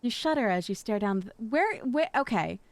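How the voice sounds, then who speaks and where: Playful woman streamer with lively pitch. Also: normal speed, no room sound. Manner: playful, whiny mock pleading. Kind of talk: casual livestream chat while reading a visual novel.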